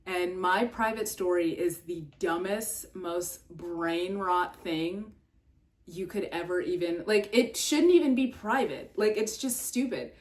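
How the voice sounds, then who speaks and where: A young adult woman vlogging in a casual, rambling way, full of fillers and swearing, jumping up in pitch when exasperated. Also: takes it slowly. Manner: filler-heavy, swears, trails off and restarts.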